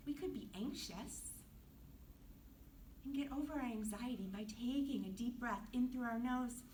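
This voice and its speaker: A woman teaching a guided kids yoga class in a gentle, playful, sing-song way, softening to a hush for relaxation. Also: on the high side. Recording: distant camera mic, faint room noise.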